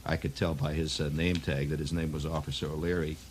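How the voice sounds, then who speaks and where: A man's voice: very deep voice, flat delivery, brisk, slight background noise. Wry, rambling radio storyteller man. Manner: wry, digressive, chuckling humor. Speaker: radio host.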